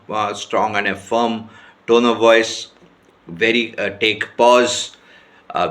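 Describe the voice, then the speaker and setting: A man teaching sales skills in an informal talk to camera, often checking in with his listeners and pausing on fillers. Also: on the low side, fairly bright tone. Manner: repeats checking questions and hesitates with many fillers. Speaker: sales trainer.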